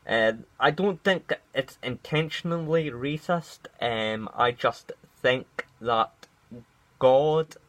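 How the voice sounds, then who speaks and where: A man's voice: mid-range voice, slow pace, a bit bright, rough recording. A man vlogging in casual, rambling commentary, with many fillers and restarts.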